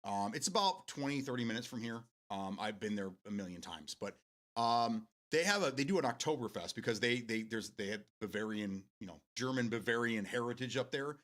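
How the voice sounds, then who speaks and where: A man's voice: mid-range voice, expressive, a little fast, a bit bright. An American man hosting a live stream, chatting casually with viewers in a rambling way and laughing often. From United States.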